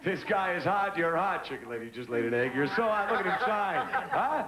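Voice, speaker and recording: A man's voice: sits high, very animated, brisk, a loud crowd. An actor playing a brash male lawyer in a soap opera, teasing and roasting people from a club stage. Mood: cocky. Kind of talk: 1990s daytime soap acting. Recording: echoey club with loud music.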